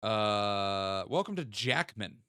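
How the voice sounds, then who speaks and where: A man's voice: fairly low pitch, expressive, slow, pushed and bright, smooth, no room sound, clean studio sound. A young man, chatting casually with viewers while playing a geography game and thinking aloud. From American South. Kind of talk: casual live-stream chat.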